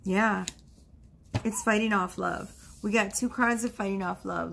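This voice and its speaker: A woman's voice: medium pitch, steady tone, a little slow, gravelly, fairly bright tone, slight background noise. A woman giving a casual tarot card reading, chatty and reassuring, with frequent exclamations. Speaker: tarot reader.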